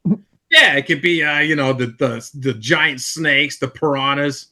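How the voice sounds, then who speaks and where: A man's voice: on the high side, moderate pace, bright, forceful tone. A man on a comedy podcast, telling a long anecdote in casual chat, with restarts and repeated words. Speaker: podcast co-host.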